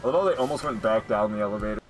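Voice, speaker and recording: A man streaming a game with casual live commentary, getting excitable and jumping up high when surprised. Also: rapid-fire, soft background music.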